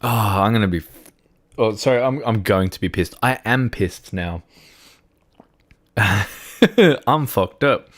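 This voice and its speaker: A man's voice: fairly low pitch, unhurried, pauses often, fairly bright tone, dry recording, clean studio sound. A drunk man with an Australian accent, streaming a driving game and chatting in a rambling, sweary way, laughing often. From Melbourne, Australia. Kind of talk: casual chat while playing a driving game.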